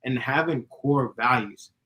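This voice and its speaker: Giggly fast-talking young man. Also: mid-range voice, lo-fi sound. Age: young adult. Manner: fast, giggly, laughs often. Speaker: YouTuber giving dating advice. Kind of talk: casual chat.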